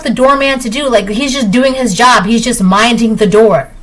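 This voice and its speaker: Woman doing a tarot reading, slightly high voice, keeps hammering her points home. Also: normal speed, a bit bright, slight background noise. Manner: emphatic and repetitive, talking straight to viewers. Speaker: tarot reader. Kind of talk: collective tarot reading monologue.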